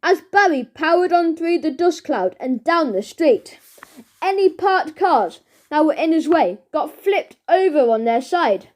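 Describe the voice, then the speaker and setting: A woman narrating a children's storybook in an expressive, deliberate way. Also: high-pitched. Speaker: audiobook narrator.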